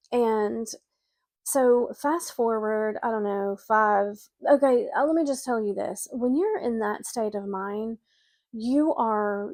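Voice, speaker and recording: A woman's voice: fairly high pitch, a little mellow, dry recording. A middle-aged woman telling a personal story of grief and speaking earnestly to listeners who have lost someone. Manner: earnest, emotional, speaks directly to grieving listeners. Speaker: spiritual coach and medium.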